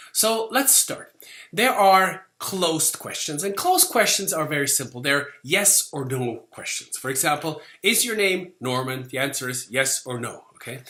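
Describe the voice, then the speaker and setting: A man's voice: on the high side, bright, forceful tone, echoey room. A man giving a lecture on sales, talking conversationally, acting out short quoted lines and often checking in with "okay?". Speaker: sales instructor.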